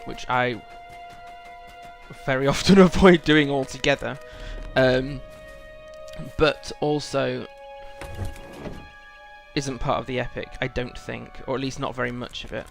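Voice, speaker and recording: A man's voice: medium pitch, steady tone, measured pace, gravelly, pauses often, soft background music. A man casually commenting on a game while playing, rambling and correcting himself with little chuckles. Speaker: gaming channel host.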